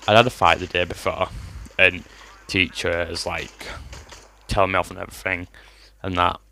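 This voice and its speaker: A young man rambles through a sweary story in a very low, flat, gravelly voice. A cough lingers in his throat, and the talk is full of fillers and restarts. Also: moderate pace, slight background noise. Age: 20s. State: has a cough. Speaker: vlogger. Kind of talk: casual storytime vlog.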